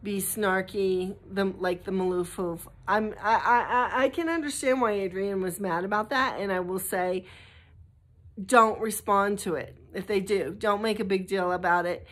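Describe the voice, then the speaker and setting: An American woman in middle age talks casually into the camera for a vlog. She rambles and restarts, breaks off to coo at her dog, and then comes back to her list. Her voice sits at an ordinary, medium pitch. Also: unhurried. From United States. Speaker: vlogger.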